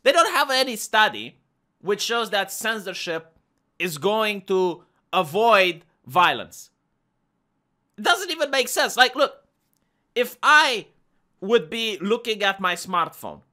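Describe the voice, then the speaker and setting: With a high voice that sounds pushed and bright, a Romanian-accented man from Romania gives an argumentative, casual monologue as a live streamer. He often repeats words as he restarts.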